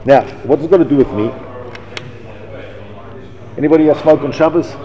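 A man teaching a Torah class to an audience, reading Hebrew passages and translating them, acting out the dialogue in animated bursts. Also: on the high side, normal speed, in a large hall, highs cut off. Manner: animated, reads Hebrew text then translates, acts out dialogue. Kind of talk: Torah lecture.

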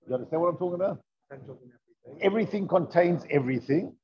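A man with a high-pitched, animated voice talks fast as he teaches a Torah lesson, reading from the text in a classroom setting. He explains conversationally, poses rhetorical questions, and weaves in Hebrew terms. The lo-fi recording sounds dull.

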